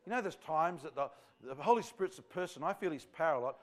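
A man's voice: a little high, animated, quick pace. A man preaching a revival sermon to a church congregation, fervent and rambling in a conversational way. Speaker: visiting evangelist.

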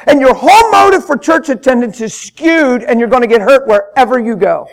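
A traveling male preacher with a strikingly high voice delivers an unplanned sermon in a church. He talks fervently and plainly, stacking repeated phrases and climbing into loud shouts. The sound comes from a pulpit microphone. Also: animated, brisk, hardly any pauses. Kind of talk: spontaneous sermon. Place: church hall with congregation.

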